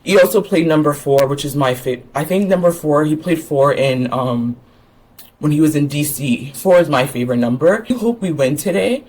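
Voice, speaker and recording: A woman from Ontario, chatting casually and excitedly in a rambling vlog. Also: low-pitched, normal speed. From Ontario, Canada. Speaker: vlogger.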